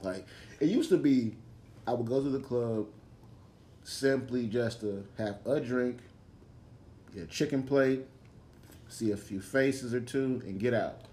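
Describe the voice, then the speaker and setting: A man's voice: mid-range voice, measured pace, long pauses, dark tone, a little hiss or hum. A man co-hosting a podcast from St. Louis, telling jokey stories and swearing freely in a casual chat. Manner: joking, storytelling, profane. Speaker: podcast co-host.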